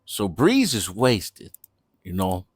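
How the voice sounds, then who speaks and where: A man's voice: fairly low pitch, huge pitch swings, takes it slowly, breathy edge, dry recording. A young man telling a party story in a laid-back, slangy way. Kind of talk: casual storytime vlog.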